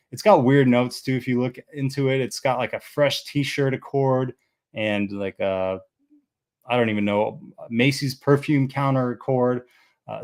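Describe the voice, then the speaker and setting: Rambling young man reviewing fragrances. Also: mid-range voice. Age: about 30. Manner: rambling and relaxed, full of "like" and "uh"; enthusiastic about scents. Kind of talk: casual chat.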